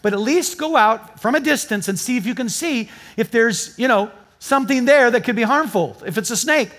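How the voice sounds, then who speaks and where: Pastor with a high, story-driven voice. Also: male voice, expressive, normal speed, fairly bright tone. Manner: storytelling, joking with the congregation. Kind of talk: sermon. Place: church before a live congregation.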